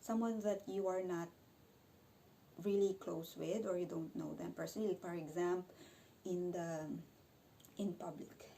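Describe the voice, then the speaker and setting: A woman's voice: on the low side, steady tone, unhurried, gravelly, dark tone, a little hiss or hum, low-quality recording. A young Filipino woman with a Filipino accent explaining everyday phrases in a casual lesson, often restarting and correcting herself. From Philippines. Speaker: language vlogger.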